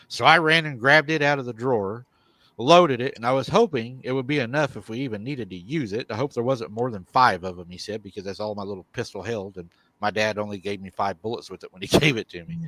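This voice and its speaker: A man hosting a live paranormal show, retelling a viewer's encounter in an animated way and chuckling often. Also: mid-range voice, a little fast, no echo.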